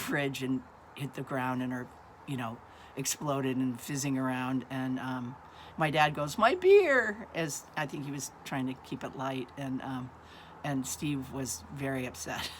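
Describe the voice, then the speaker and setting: A woman in her sixties casually telling a family story, halting often with ums and uhs. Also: extremely low pitch, slight background noise.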